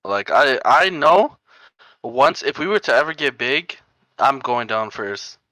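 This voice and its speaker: A young man with a bright, forceful voice talks loosely and bluntly on a podcast, laughing between lines. The sound is close and dry, with no room around it. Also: medium pitch, sing-song, unhurried, no echo, low-quality recording. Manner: blunt, unfiltered, laughs often. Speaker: podcast co-host. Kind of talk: casual chat.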